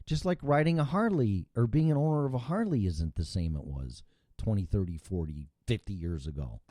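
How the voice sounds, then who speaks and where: A man's voice: fairly low pitch, animated, fairly quick, warm tone, no echo, clean studio sound. A man hosting a casual chat show, rambling and swearing freely, with frequent restarts. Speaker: show host.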